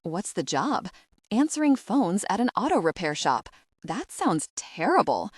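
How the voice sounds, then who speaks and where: A woman voicing a nosy, excitable young female friend in an audiobook, teasing and breezy. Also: medium pitch, unhurried, breathy edge, dry recording, clean studio sound.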